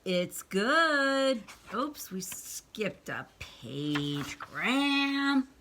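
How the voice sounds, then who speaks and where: A woman's voice: on the high side, big pitch swings, extremely slow, a bit bright, slight background noise. A woman reading a picture book aloud to children, adding chatty asides and questions for her young listeners. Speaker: read-aloud storyteller.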